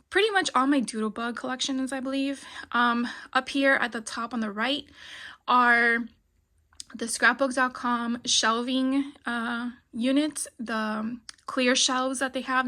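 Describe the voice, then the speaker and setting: A middle-aged woman walks viewers around her home craft room, talking casually with plenty of ums and small laughs. Her voice sits a touch high and sounds bright and forward, and she is a little out of breath as she moves the phone around. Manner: chatty, frequent ums, light laughs. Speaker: craft vlogger.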